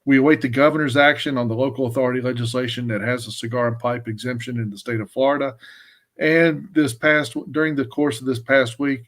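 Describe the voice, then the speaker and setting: A man's voice: mid-range voice, fairly even intonation, fairly quick, a bit bright. A man from Wyoming giving an earnest, emphatic policy update on a live webcast, often restarting his sentences. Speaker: government affairs staffer.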